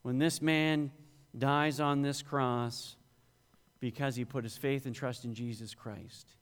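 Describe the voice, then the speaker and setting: A man's voice: mid-range voice, steady tone, takes it slowly, smooth. Man preaching in an echoing church hall. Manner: preaching with rising emphasis on quoted scripture. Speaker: pastor. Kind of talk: sermon. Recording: long hall reverb.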